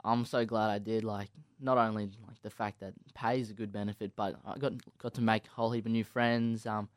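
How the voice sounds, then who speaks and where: A man's voice: lowish voice, little pitch movement, a little fast, dry recording, clean studio sound. A young Australian man interviewed as a guest, polite and agreeable, answering with many yeps. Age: young adult. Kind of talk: casual interview.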